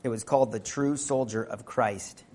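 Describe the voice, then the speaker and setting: A man preaching a sermon, earnest and emphatic, moving between loud stressed phrases and quiet asides. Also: mid-range voice, normal speed.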